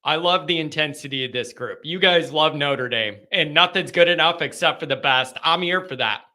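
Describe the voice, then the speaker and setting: A man hosting a live fan call-in show, chatting casually in an excitable, rambling way and laughing often. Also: on the high side, normal speed.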